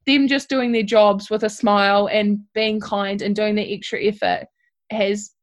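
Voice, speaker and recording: A woman's voice: mid-range voice, flat delivery, a little slow. Young aussie woman, apprentice, talking candid and emotional, lots of likes and you knows. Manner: candid and heartfelt, with lots of fillers like "like" and "you know". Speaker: apprentice tradesperson, guest. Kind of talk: emotional personal storytelling.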